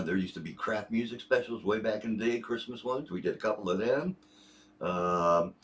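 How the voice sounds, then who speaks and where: A man in his sixties from Ohio with a deep bass voice, chatting casually and rambling through stories on a livestream. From Northeast Ohio. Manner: rambling, easygoing storyteller. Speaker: guest on a livestream reading viewer messages.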